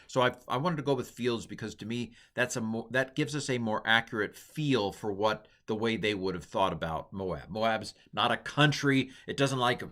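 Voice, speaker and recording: A man's voice: medium pitch, moderate pace, hardly any pauses, bright, forceful tone. A man teaching a language lesson in a casual, rambling way, correcting himself often and making small joking asides. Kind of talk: casual classroom lecture.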